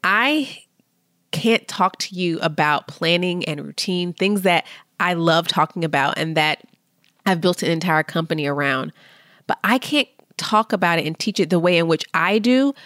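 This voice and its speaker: A woman hosting a podcast, speaking slow, earnest affirmations. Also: on the low side, a bit bright, dry recording, clean studio sound. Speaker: podcast host. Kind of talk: slow motivational podcast talk.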